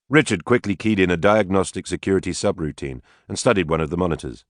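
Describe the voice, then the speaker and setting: A man narrates a science fiction audiobook with steady, measured storytelling. His voice sits low and is recorded close and dry, with no trace of room sound. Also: no echo. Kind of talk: scripted narration.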